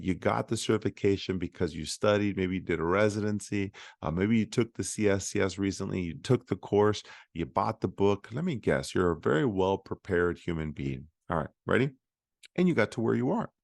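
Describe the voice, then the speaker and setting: This man's voice is low, creaky and darkish, captured in a dry, studio-quality recording. He hosts a solo podcast for physical therapists, speaking in a conversational, motivational way full of fillers and restarts.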